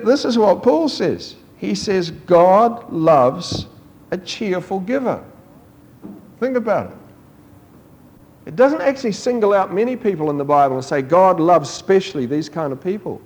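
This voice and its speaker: A man preaches a lively sermon in a fairly high voice. He tells stories and acts out the people in them, his pitch jumping up for the quoted lines. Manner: animated storytelling, acting out quoted voices with rising pitch.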